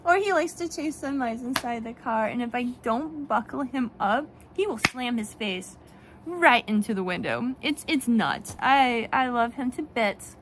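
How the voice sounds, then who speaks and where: A woman talking casually in a vlog, animated and rambling, with frequent restarts and laughs. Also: on the high side, slight background noise. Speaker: vlogger and children's book author. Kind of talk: casual talk to camera.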